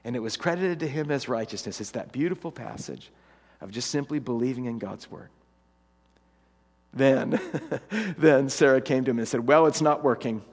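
A man's voice: mid-range voice, moderate pace, slightly rough. Male preacher in a reverberant church. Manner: animated, humorous storytelling with acted quotes. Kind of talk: sermon.

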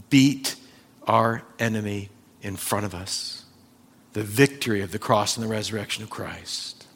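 A man preaching a sermon as pastor, emphatic and deliberate, acting out Bible scenes with dramatic pauses. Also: on the low side, a bit bright. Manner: emphatic, acts out Bible scenes in changing voices.

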